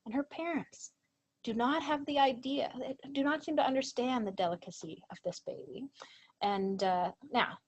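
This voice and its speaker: A woman presenter giving an earnest lecture to a professional training audience, animated when she quotes others. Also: on the high side, moderate pace, poor audio.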